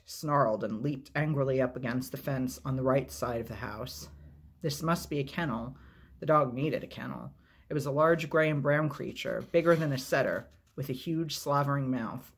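A man reading a novel aloud as a storyteller, with a husky voice at an ordinary pitch. His delivery is steady and measured, and he takes his time with each line.

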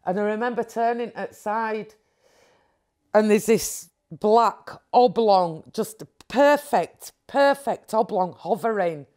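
A woman, recounting a personal experience in an interview in a rambling, animated way with frequent restarts. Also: mid-range voice. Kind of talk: candid personal storytelling.

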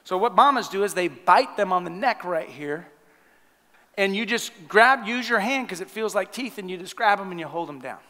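Pastor type, bright and fairly high voice, lively storytelling sermon, church reverb. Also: male voice, brisk. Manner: animated storytelling, laughing at his own stories. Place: church sanctuary. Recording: long church hall reverb.

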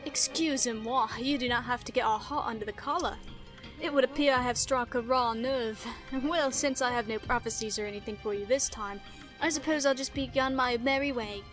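A woman's voice: on the high side, fairly quick, over music, natural voice. Woman doing a smug mock-British young man. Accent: British put-on. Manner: teasing, sly and theatrical. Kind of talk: reading game dialogue aloud.

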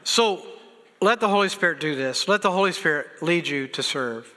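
Preaching in a church sanctuary full of reverb, a man with a high, bright voice speaks expressively at a moderate pace. He exhorts his listeners earnestly, repeats lines for weight, and slips in self-deprecating humor, chuckling at himself.

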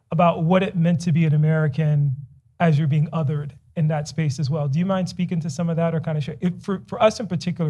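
Man with a dark, mellow voice. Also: fairly high pitch. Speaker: panel moderator. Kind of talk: panel discussion question.

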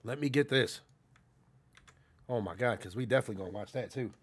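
A man's voice: mid-range voice, fairly quick, slightly rough. A young man hosting a livestream, chatting casually with viewers in a hyped, profane way and repeating his catchphrases. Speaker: livestream host.

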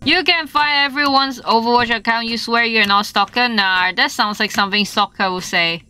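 A woman's voice: a little high, normal speed, bright, forceful tone, a little hiss or hum. A young woman streaming a game live, swearing and yelping in frustration as she plays. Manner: swearing, frustrated outbursts and playful yelps. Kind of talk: live gameplay stream chatter.

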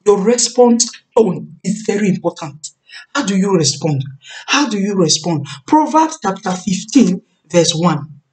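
A woman in her thirties preaches a sermon on marriage, her voice set in a middle register. She leans on repetition and slows down to hammer home key words. She sits a little back from the microphone. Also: medium pitch, expressive, darkish tone. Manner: emphatic, repeats key phrases, slows to stress words. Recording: voice a bit far from the mic.

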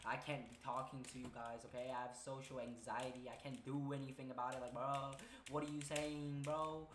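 A man's voice: mid-range voice, level tone, a little fast, fairly bright tone, reverberant, slight background noise. A young man with a Brazilian Portuguese accent, a native Portuguese speaker telling a rambling casual story while gaming, tagging nearly every phrase with "okay?" and "bro". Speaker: student vlogger.

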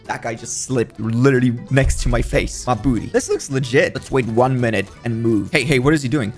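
A man's voice: medium pitch, fairly quick, hardly any pauses, soft background music. A young man giving frantic, jokey commentary while playing a video game, often panicking and pleading. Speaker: gaming YouTuber. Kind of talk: gameplay commentary.

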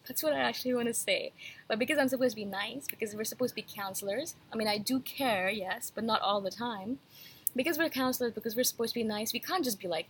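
A woman's voice: a little high, fast talker, fairly bright tone, husky. A woman vlogger talking straight to her viewers in a frank, rambling, emphatic rant, a little feverish. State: slightly feverish. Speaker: YouTube host. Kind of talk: casual rant to camera.

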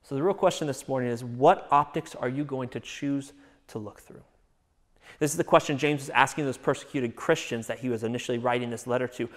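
A man preaching a sermon as a pastor, earnest, often dropping to a soft hush. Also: medium pitch, fairly quick, big-room sound. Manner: earnest, drops to a soft hush on reassuring phrases.

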